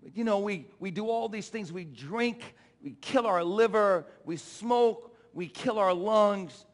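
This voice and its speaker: A male pastor preaching a sermon with impassioned swings from shouting to low, urging the congregation to respond. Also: unhurried. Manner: call-and-response exhortations. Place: church sanctuary. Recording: long church reverb.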